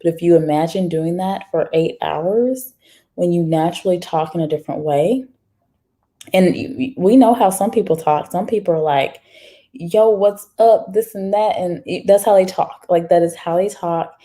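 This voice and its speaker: Woman chatting on a livestream, lowish voice, warm and mellow, talks right to her viewers. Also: moderate pace. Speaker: livestream host reading viewer comments. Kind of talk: casual livestream chat.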